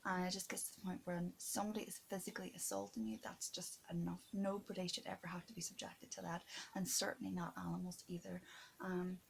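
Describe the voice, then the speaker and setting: A woman speaking into her video diary in a low, gravelly voice, upset and close to tears. She halts often, restarts her sentences and now and then sinks into a whisper. A faint hiss of noise sits under the recording. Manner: earnest, upset, halting with many fillers and restarts. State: near tears, stressed. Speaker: vlogger keeping a video diary. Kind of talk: emotional video diary monologue.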